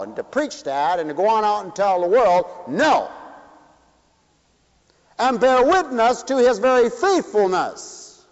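A man preaching a sermon, swinging from loud declarations to hushed asides. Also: sits high. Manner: rapid asides to the audience. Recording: dull echoey hall recording.

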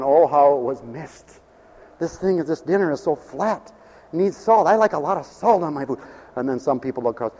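A man's voice: a little high, lively intonation, normal speed, pauses often, a little mellow, muffled recording. A middle-aged or older man preaching a folksy, joking sermon that rises into fervent hallelujahs. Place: church mission hall. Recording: echoey hall.

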